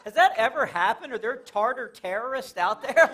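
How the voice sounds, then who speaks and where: A man's voice: very high-pitched, expressive, moderate pace, hardly any pauses, a bit bright, a faint crowd, a little hiss or hum. A man performing a stand-up comedy set in a church, telling stories animatedly, acting out characters and laughing at his own jokes. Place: church stage before a laughing audience.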